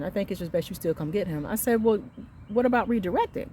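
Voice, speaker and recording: A woman in her thirties telling an angry story about her son's school, emphatic and reenacting the conversations, swinging between quiet and loud. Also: medium pitch, expressive, quick pace, a little hiss or hum. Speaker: mother venting on her channel. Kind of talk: heated storytelling rant.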